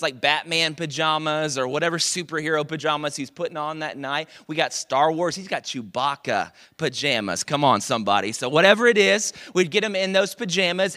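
A man's voice: high voice, sharp tone. A man preaching a sermon as pastor, conversational and joking, asking the congregation rhetorical questions.

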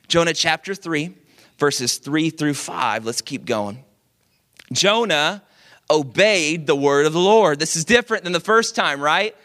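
A young man preaching a sermon into a microphone at a church service, talking in a casual, animated way and often asking "right?". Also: fairly high pitch, measured pace. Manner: conversational, animated, with frequent "like" and "right?". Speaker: pastor. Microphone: speaking into a microphone.

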